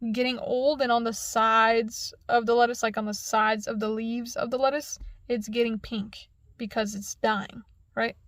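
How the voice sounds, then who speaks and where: A young woman recounting a dream in casual storytelling, animated and profane, acting out the dialogue. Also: a little high, dry recording.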